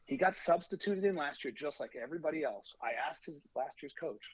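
Speaking briskly in a slightly high, somewhat rough voice, a youth baseball coach relates a lengthy podcast anecdote and acts out what each person said. The lo-fi recording has no room sound.

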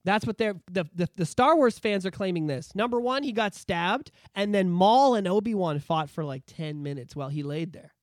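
A man co-hosting a podcast in casual chat, ranting in a profane, animated way. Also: high voice, moderate pace, few pauses, no echo, studio quality. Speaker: podcast co-host.

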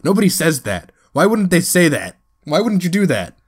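A man co-hosting a casual podcast, animated and jumping up in pitch when quoting people. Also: moderate pace, slightly rough. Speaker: podcast co-host.

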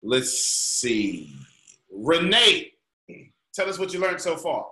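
A man's voice: a little high, big pitch swings, slow, sharp tone, echoey room, low-quality recording. A man coaching a group call, preaching his points in an emphatic, colloquial way. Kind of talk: motivational teaching on a call.

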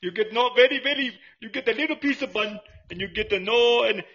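A man's voice: very high voice, fairly quick, pushed and bright, voice pushed up, heavily acted. A man voicing a stingy, grumpy male corner-store clerk who snaps out short bits of broken English. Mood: scolding. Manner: gruff, clipped broken English, bossy. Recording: slightly muffled lo-fi audio.

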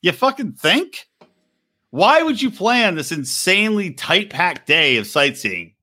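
A man co-hosting a casual reality-TV podcast, talking in an animated, profane, ranting way. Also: sits high, measured pace. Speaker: podcast co-host. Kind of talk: casual chat.

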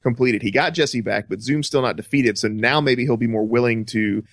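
A man's voice: mid-range voice, moderate pace, no room sound. A man co-hosting a casual podcast, playful, with a slight lisp. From American South. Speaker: podcast co-host. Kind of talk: casual chat.

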